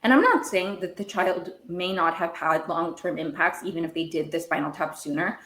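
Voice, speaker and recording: A woman hosting a podcast recaps a TV show in a rambling, casual way, growing worked up and emotional as she goes. Her voice is on the low side and fairly bright, at normal speed, recorded in an echoey room.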